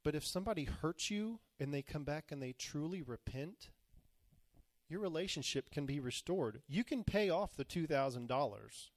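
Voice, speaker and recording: A man's voice: a little high, expressive, normal speed, dry recording. Guy giving a sermon, chatty retelling, dry close sound. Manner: retells scripture in plain modern talk, acting out quoted voices. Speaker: pastor.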